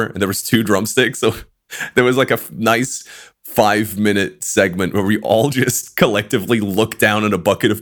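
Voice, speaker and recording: A young man chatting casually on a podcast, telling crude, laughing stories. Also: fairly low pitch. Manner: laughing storyteller, crude and animated. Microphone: headset or desk mic on a voice call.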